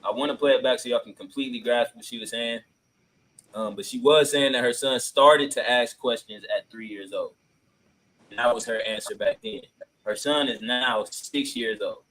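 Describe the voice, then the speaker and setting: A man's voice: medium pitch, moderate pace, pushed and bright, rough recording. A man hosting a podcast in casual chat, laid-back and slangy with many filler ums, reacting to clips. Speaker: podcast host.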